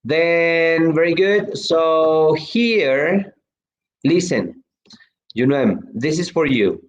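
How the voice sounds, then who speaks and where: A man's voice: fairly high pitch, expressive, takes it slowly, creaky. Chatty male teacher with slightly dull audio. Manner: chatty, lots of fillers and restarts. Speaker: English teacher. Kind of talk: online class, reading student chat.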